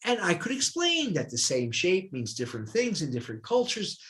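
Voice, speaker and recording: An older man from New Jersey tells anecdotes one after another as a guest in a dialogue. He talks like a retired professor, and his pitch jumps around a lot. His voice sits slightly higher than most men's. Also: moderate pace. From New Jersey, USA. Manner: animated anecdotal storyteller. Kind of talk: storytelling in a dialogue.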